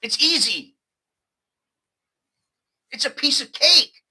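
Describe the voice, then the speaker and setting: American man, casual vlog talk, high voice, very bright and forceful tone, animated. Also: slow pace, poor audio. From United States. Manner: animated, conversational, repeats words. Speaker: host.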